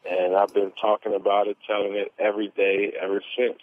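Man, earnest testimony, animated storyteller, tinny phone-line sound. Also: on the low side, brisk. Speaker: interview guest.

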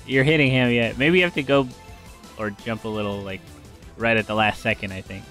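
A man's voice: lowish voice, fairly even intonation, a little fast, fairly bright tone, faint music behind. A man co-hosting a let's play, joking and giving casual tips while his partner plays. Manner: joking, laid-back, gives tips. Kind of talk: casual gameplay commentary.

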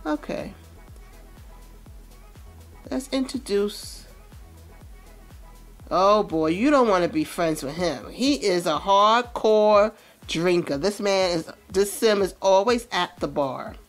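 A woman's voice: mid-range voice, lively intonation, slow, pauses often, faint music behind. A woman giving casual let's-play commentary, chatting about what her game characters feel. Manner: chatty, narrates characters' feelings. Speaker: gameplay commentator.

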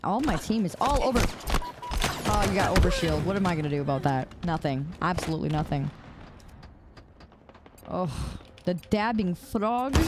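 In a fairly low, expressive voice, a young woman streams a shooter game at a moderate pace, pausing often as music plays behind her. She laughs frequently, greets viewers by name and chats casually. Clicking noise fills the recording.

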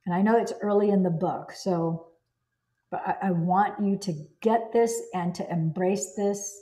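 A woman's voice: mid-range voice, fairly even intonation, unhurried, dark tone. A woman reading a self-help book aloud and breaking off into enthusiastic personal commentary. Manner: enthusiastic, exclaims and digresses.

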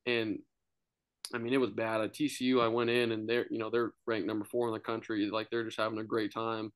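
A man's voice: lowish voice, little pitch movement, a little fast, clean tone, no room sound. A young man in his twenties, a podcast guest telling a loose, rambling story in casual chat, full of filler words. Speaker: guest, college quarterback.

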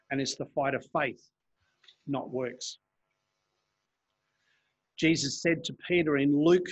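A man's voice: fairly high pitch, fairly bright tone, husky. A man preaching a sermon in a church, reading scripture aloud and explaining it earnestly.

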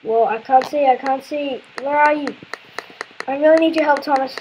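A woman's voice: high-pitched, moderate pace, a little mellow, a little hiss or hum, low-quality recording. A woman playing a video game, commenting casually and exclaiming in frustration with repeated words. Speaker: let's play gamer.

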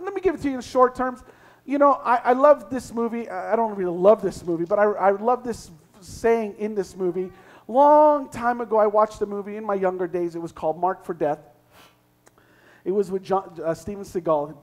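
Pastor, male, very high pitch; reads verses then preaches hard, shouting at peaks. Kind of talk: sermon. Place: church sanctuary.

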